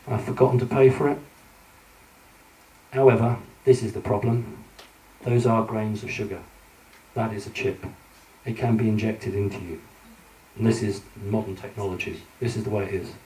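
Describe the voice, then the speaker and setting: A man's voice: on the low side, steady tone, normal speed, long pauses, warm tone. A British man giving a conference talk with slides, earnest and warning, with many fillers and restarts. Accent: British English. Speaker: conference speaker. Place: large conference hall. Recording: echoey hall from far off, faint hiss.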